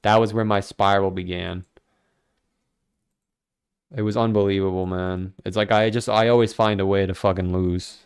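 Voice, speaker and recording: Smooth-voiced man rambling on a livestream. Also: deep voice, moderate pace, pauses often. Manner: rambling, animated, self-mocking, swears freely. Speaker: crypto livestream host. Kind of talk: casual livestream commentary.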